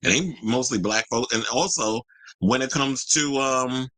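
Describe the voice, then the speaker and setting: A man hosting a casual commentary show and reading viewer comments in an animated, sassy, outspoken way. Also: mid-range voice, a little slow, no echo, poor audio. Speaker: host.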